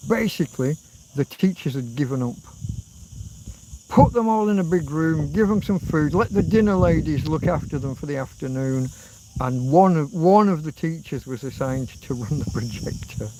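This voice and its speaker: An English man in his fifties hosts a loose livestream chat, wandering from one memory to the next. He swears casually and hums old tunes. His voice sits a little high, with a faint hiss of noise underneath. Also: lively intonation, moderate pace. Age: 50s. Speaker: livestream host.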